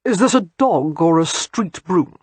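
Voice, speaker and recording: A woman doing a sardonic aristocratic father in a storybook reading, exasperated and dry, with pitch that leaps around and a husky edge. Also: expressive, a little slow, a little mellow, no room sound.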